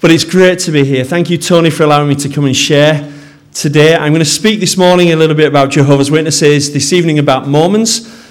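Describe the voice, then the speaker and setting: A man's voice: on the high side, steady tone, fast, few pauses. A man with a Yorkshire accent, a pastor speaking to a congregation in a sermon, friendly and self-deprecating with some hesitations.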